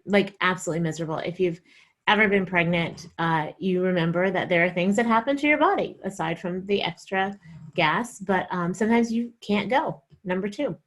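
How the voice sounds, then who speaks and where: A young woman from the American South telling a stand-up comedy story, animated and acting out the voices she quotes. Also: lowish voice, a little fast.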